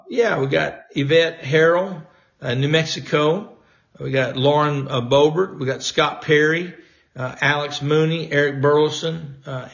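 A sixty-year-old man holds forth as a talk radio host in an animated political monologue, his voice sitting a little high. He rambles, stacking fillers and false starts as he goes. The sound is dull and lo-fi. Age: 60s.

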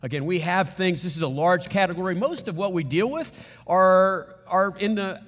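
A middle-aged man preaching a sermon as pastor, telling stories in an animated, emphatic way. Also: high-pitched, moderate pace, in a large hall.

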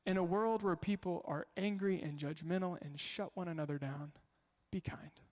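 A man's voice: high voice, normal speed. Man preaching in a reverberant hall. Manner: storytelling, conversational with rhetorical questions. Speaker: pastor. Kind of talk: sermon.

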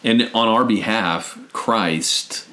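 A man's voice: fairly low pitch, takes it slowly, bright, forceful tone. A man hosting a conversation about scripture, explaining his thinking step by step. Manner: thoughtful, explains step by step, frequent restarts. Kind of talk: casual theological discussion.

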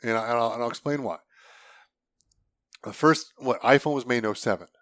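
A man's voice: medium pitch, brisk, fairly bright tone, no echo, clean studio sound. A man in casual conversation, blunt and opinionated, swearing freely as he argues his points. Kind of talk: casual podcast chat.

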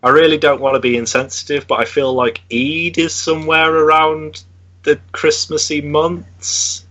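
A man's voice: a little high, level tone, moderate pace, pushed and bright, rough recording. A man co-hosting a podcast, wry and a bit hesitant in casual banter. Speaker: podcast co-host.

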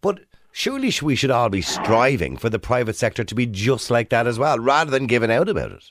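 A man with an Irish accent hosting a radio phone-in, chatty and quick, laughing easily with callers. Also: mid-range voice, big pitch swings, background noise. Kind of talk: casual phone-in chat. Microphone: studio microphone.

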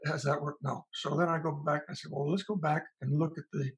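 In an interview, a male psychologist describes talks he's had with parents, working through his thoughts aloud and restarting. His voice is a little high, steady in tone, fairly quick and breathy-edged, and the recording is rough.

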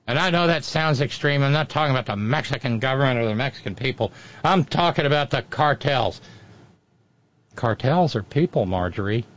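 Brief: male comedy host, mocking and sarcastic, mid pitch, dull recording. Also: normal speed. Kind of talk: satirical political commentary.

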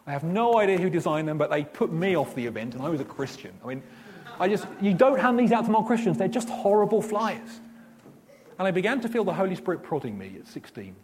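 A man's voice: high-pitched, fast talker. A man preaching a sermon, telling stories and acting out the dialogue. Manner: animated storytelling, acts out dialogue.

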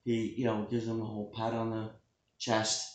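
A man's voice: fairly low pitch, moderate pace. Man spinning a rambling joke story. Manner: rambling, deadpan storytelling with profanity. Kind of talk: joking casual chat. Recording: echoey room.

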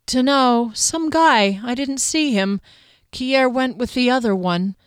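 Wounded young male elf, dazed and anxious, high and halting, read by a woman narrator. Audiobook character. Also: clear, resonant tone, no echo. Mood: shaken. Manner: pleading, shaky, halting.

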